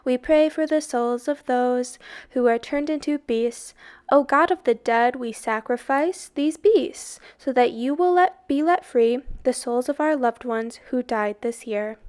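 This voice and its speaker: A woman reading aloud voices a band of male priests in slow, solemn chanting prayer. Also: high-pitched, darkish tone.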